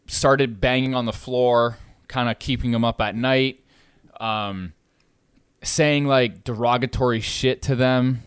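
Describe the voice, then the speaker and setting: Swearing, animated man telling a story. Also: medium pitch, takes it slowly, clear, resonant tone, no echo, studio quality. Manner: animated storytelling, swears freely, gets louder when riled. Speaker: podcast host, landlord. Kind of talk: casual podcast chat.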